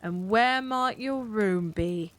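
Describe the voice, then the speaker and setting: Taking it slowly in a medium-pitched voice, a woman lightly acts out a stubborn, middle-aged policeman during a cozy bedtime story. The character blusters sarcastically and ungrammatically, giving the reading a stern mood.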